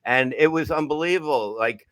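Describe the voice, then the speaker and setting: Profane, bright-voiced storytelling man. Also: a little high, a little fast, no room sound. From Staten Island, New York. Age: middle-aged. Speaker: podcast co-host. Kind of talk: casual chat.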